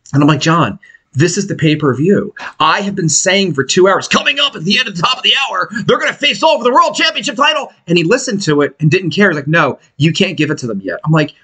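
A man's voice: a little high, husky. A man co-hosting a podcast, telling stories in casual chat and acting out what other people said. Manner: animated storyteller who acts out other people's lines. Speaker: podcast co-host.

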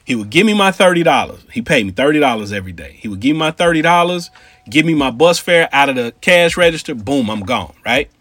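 A man from Cincinnati telling a casual story in street slang, with animated asides to his listeners. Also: fairly high pitch, fast, no echo.

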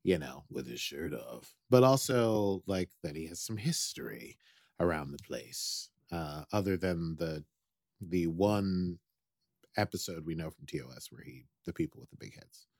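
A man's voice: sits low, expressive, a little slow, a little mellow, no echo, studio quality. A man co-hosting a podcast, talking casually in a rambling way with many restarts. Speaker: podcast co-host. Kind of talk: casual chat about a TV episode.

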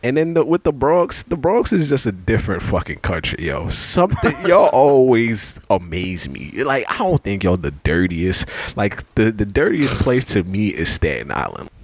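A man from Brooklyn, co-hosting a casual podcast chat and telling stories in an animated, profane way. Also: on the low side, moderate pace, hardly any pauses, breathy edge. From Brooklyn, New York. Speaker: podcast co-host.

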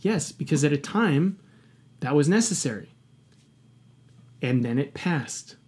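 A man's voice: on the high side, lively intonation, a little slow, darkish tone, husky. A man talking candidly in a podcast conversation, passionate and emphatic, swearing often and reflecting earnestly on his own past.

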